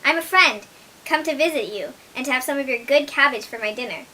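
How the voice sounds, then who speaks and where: A woman's voice: high voice, animated, brisk, pushed and bright, slight background noise. Woman doing a sly, wheedling fox. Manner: sweet false tone turning rough. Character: sly male fox, feigning gentleness.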